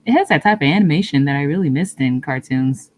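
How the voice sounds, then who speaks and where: A woman's voice: deep voice, lively intonation, fast. A woman streamer chatting casually with her viewers, answering comments and laughing often. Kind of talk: casual live-stream chat.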